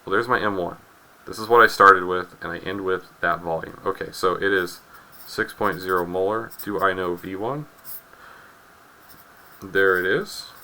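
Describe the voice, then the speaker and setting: A man's voice: low-pitched, normal speed, long pauses, sharp tone, low-quality recording. A man in his twenties, a chemistry teacher telling a wry classroom story and then working through a problem. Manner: wry storytelling, acts out students' voices. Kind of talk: recorded chemistry lesson with anecdote.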